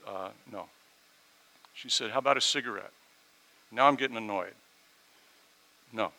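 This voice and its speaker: A middle-aged man preaching a sermon, telling a personal story and swinging from quiet asides to loud, emphatic peaks. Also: medium pitch, vocal fry, rough recording. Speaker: pastor.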